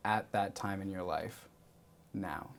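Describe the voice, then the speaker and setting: A man's voice: sits low, takes it slowly, gravelly. A man hosting an interview, asking questions and cheering his guest on with short replies. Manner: brief, encouraging interjections. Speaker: interviewer, host.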